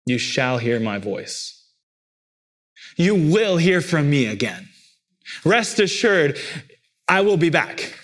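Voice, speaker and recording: A man's voice: on the high side, very animated, takes it slowly, pauses often, fairly bright tone. A pastor delivering a sermon, repeating phrases emphatically and lifting his voice on key words.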